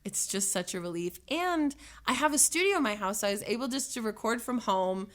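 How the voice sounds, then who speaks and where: A woman's voice: a little high, animated, brisk, a bit bright. A woman chatting casually as a guest in a radio studio, rambling with lots of fillers, after singing live. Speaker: singer and guest. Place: radio station studio lounge.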